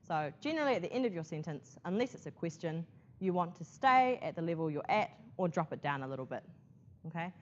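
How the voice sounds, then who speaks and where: A woman's voice: fairly low pitch, sing-song, a little fast. A woman teaching a class about presentation skills, chatty, checking in often with "okay?". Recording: muffled classroom recording.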